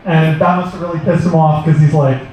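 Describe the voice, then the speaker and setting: A man's voice: on the high side, a little fast. A man telling a story in a stand-up set, acting out his own panicked lines. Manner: animated, acts out panicked quotes. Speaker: stand-up comedian. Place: comedy club stage. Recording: echoey club from far off, audience.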